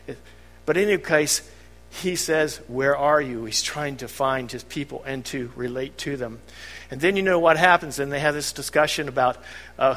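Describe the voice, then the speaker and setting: Mężczyzna wygłasza kazanie swobodnym, gawędziarskim tonem, wtrącając żartobliwe uwagi. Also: male voice, fairly high pitch, fairly bright tone. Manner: conversational, chuckling asides. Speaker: preacher. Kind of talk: sermon. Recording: long hall reverb.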